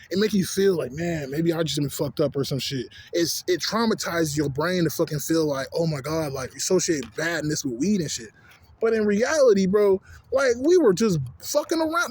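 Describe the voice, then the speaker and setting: A man's voice: on the high side, husky. A young man in his twenties from Canada, ranting casually in a profane, rambling way, with lots of filler phrases. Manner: profane, rambling, full of "you know what I'm saying". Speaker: vlogger. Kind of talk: casual rant.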